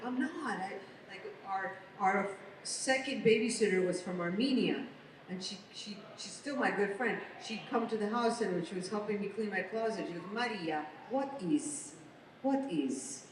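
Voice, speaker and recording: An American woman speaks as a panel guest in a middle-pitched voice, chatty and lively as she tells her stories. The sound is picked up from a distance in a big reverberant convention hall. A faint hum of room noise sits underneath. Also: normal speed. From United States. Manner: chatty, animated storyteller. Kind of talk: casual panel Q&A. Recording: echoey hall recorded from far off.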